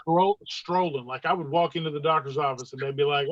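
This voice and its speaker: Animated storyteller on a dull dry line. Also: medium pitch, fairly quick, no room sound. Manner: animated, acts out quoted dialogue in raised voices. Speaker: podcast guest. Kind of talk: casual storytelling.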